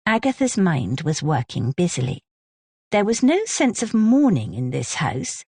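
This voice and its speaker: A woman narrating an audiobook in a measured, descriptive manner on a close studio mic. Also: mid-range voice, sing-song, a little mellow, husky, dry recording. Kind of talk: scripted narration.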